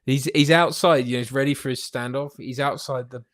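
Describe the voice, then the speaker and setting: Male co-host, animated film chat, laughs a lot, mid-pitched. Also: a little fast, no room sound, studio quality. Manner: enthusiastic, laughs often, acts out movie lines. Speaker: podcast co-host. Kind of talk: casual film review chat.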